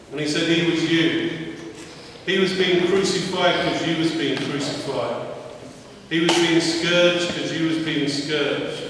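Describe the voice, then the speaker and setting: A man's voice: a little high, steady tone, unhurried, background noise. A man speaking at a church mission, telling his own story earnestly and acting out what others said to him. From England. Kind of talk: testimony talk in church. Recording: echoey church heard from far off.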